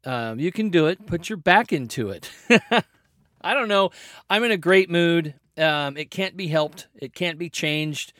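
A man hosting his own podcast solo, upbeat and rambling, with playful jumps in pitch and a chatty, energetic manner. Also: measured pace, no room sound, clean studio sound. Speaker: podcast host.

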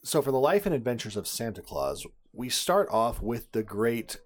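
A man's voice: mid-range voice, very animated, normal speed. A man co-hosting a casual podcast, summarizing a film plot with wry, sarcastic asides. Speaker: podcast co-host.

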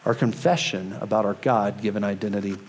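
A man in his thirties preaching a sermon, earnest and emphatic, easing into a soft, quiet tone for prayer. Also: fairly low pitch, fairly even intonation, brisk, husky. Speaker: pastor.

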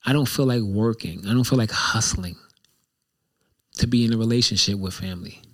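A man with a fairly low voice speaks briskly while hosting his own show. He delivers a casual, reflective monologue that rambles and candidly repeats itself.

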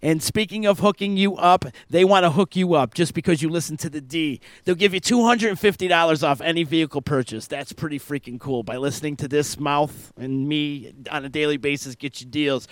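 A male radio host, talking in a loose, hyped-up, joking way. His voice sits a bit on the high side. The sound is dry and close. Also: brisk, few pauses, no echo. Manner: energetic, hype, loose and joking. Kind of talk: casual radio show chat.

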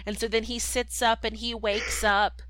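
A woman's voice: fairly high pitch, little pitch movement, moderate pace, fairly bright tone, no echo, poor audio. A woman co-hosting a podcast, casually retelling a film plot with lots of fillers. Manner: chatty, lots of fillers and voices. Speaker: podcast co-host. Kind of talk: casual movie recap.

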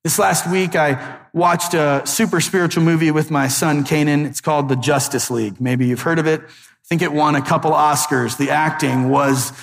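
A male pastor with a high-pitched voice preaches in a lively, chatty way and drops playful jokes. His words ring out through a large church hall with a long echo. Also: moderate pace, vocal fry. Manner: lively, conversational, joking asides. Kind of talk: sermon. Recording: echoey hall.

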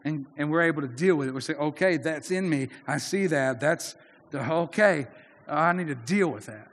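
High-voiced man preaching in a reverberant hall. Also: moderate pace. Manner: earnest, conversational preaching with many restarts. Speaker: pastor. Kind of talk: sermon.

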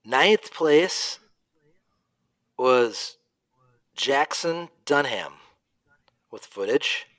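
A man's voice: medium pitch, drawn-out words, long pauses, no echo. A man co-hosting a casual podcast, telling stories with lots of laughter and acting out both sides of each conversation. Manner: animated storyteller who acts out both sides of conversations; laughs often while talking. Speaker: podcast co-host. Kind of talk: casual chat, race recap.

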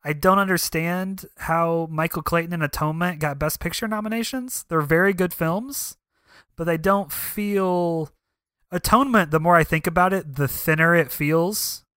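Bright, crisp-voiced man chatting films. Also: on the high side, normal speed, no room sound, clean studio sound. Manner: chatty, frequent "um" fillers. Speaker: podcast co-host. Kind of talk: casual film discussion.

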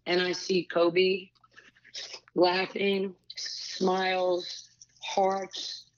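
Woman coach as interview guest, lowish voice, stumbling over her words, muffled lo-fi recording. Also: monotone. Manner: halting, with many restarts. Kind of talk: casual interview chat. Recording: dull lo-fi sound.

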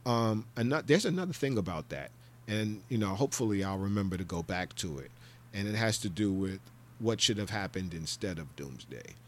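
A man's voice: lively intonation, fairly quick, a little hiss or hum. Rambling, profane male podcast host. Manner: rambling, profane, jokey rant; breaks into loud high-pitched impressions. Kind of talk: casual solo commentary.

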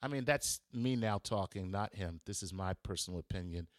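A man's voice: low voice, moderate pace, no echo, studio quality. A man who is a comedian hosting a podcast from a room at home, delivering a casual comedic monologue in a sarcastic, joking way.

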